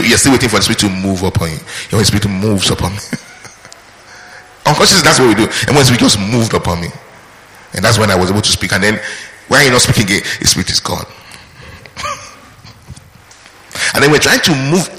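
A man's voice: mid-range voice, bright, forceful tone. A man preaching a sermon, repeating his key points and asking the congregation questions. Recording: echoey hall with long reverb.

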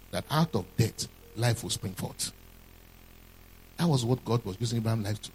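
Husky, lively-voiced man preaching a sermon. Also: medium pitch, rough recording. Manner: emphatic, asks the congregation questions and repeats key lines.

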